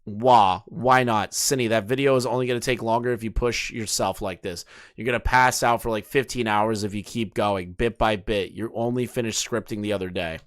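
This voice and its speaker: A man's voice: fairly low pitch, steady tone, normal speed. A man in his late twenties hosting casual commentary, reading messages aloud and mocking them with incredulous, profane asides. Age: late 20s. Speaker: commentary host.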